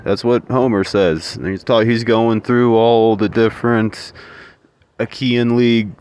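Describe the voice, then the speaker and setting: A man's voice: lowish voice, slight background noise. A man in a rambling, profane, ranting monologue.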